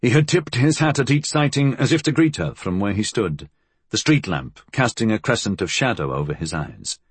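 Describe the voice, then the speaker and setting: Husky, measured male audiobook narrator. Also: fairly low pitch, expressive, no room sound.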